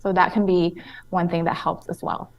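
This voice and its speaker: A woman sleep-specialist doctor, a guest on a radio talk show, explaining things in a measured way with frequent pauses and restarts. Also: lowish voice, little pitch movement. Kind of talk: radio interview answers.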